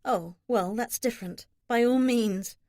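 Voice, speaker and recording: A woman's voice: a little high, a little slow, a little mellow, dry recording, clean studio sound, lightly acted. A woman reading an audiobook, voicing a young widow who talks in a playful, coy manner.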